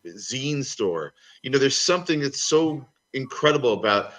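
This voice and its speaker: A man in casual chat as a guest, telling animated, rambling anecdotes over a video call. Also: mid-range voice, moderate pace, few pauses. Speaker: comics creator guest.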